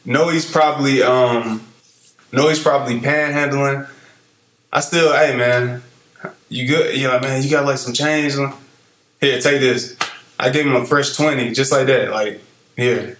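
A man's voice: medium pitch, steady tone, measured pace, long pauses, a bit bright, roomy sound, a little hiss or hum, low-quality recording. A man in casual conversation, retelling everyday moments with quoted asides.

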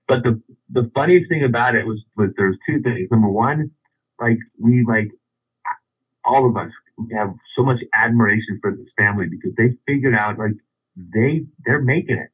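A man's voice: medium pitch, normal speed, breathy edge. A man casually telling a long anecdote, rambling with many restarts and chuckles. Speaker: storyteller. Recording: phone-like radio line.

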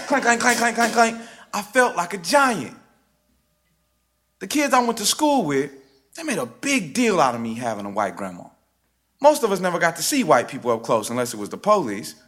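A man performing a personal story live on stage, with a rhythmic, theatrical delivery that swings sharply in pitch and loudness. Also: sing-song, normal speed, slight background noise. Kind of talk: live spoken-word storytelling. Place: stage before a live audience. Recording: live stage recording with music bed underneath.

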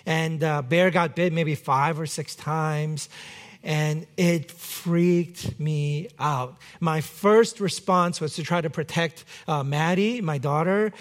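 A man, a pastor, preaching a sermon and telling a lively personal story in a church, sometimes shouting out the lines. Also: on the high side. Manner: animated anecdote with acted shouts.

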